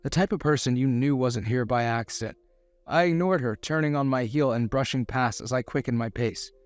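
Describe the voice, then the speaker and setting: Man, mid-pitched, steady first-person audiobook narration, dry close sound with faint music under. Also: a little fast, no echo.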